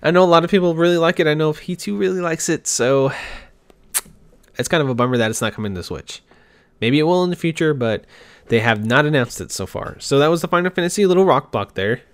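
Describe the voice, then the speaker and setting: A man's voice: on the high side, animated, quick pace, smooth, no room sound. A man casually recapping a game showcase on his own show, rambling, correcting himself and acting out fan reactions. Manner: rambling, self-interrupting, mock-acts fan reactions. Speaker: gaming podcast host. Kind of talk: casual solo commentary. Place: home desk.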